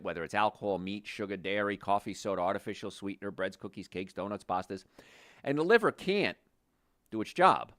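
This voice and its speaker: A man's voice: on the low side, fairly bright tone, dry recording, clean studio sound. An older man, a chiropractor hosting a health show, explaining conversationally with restarts and stressed words. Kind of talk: health talk monologue.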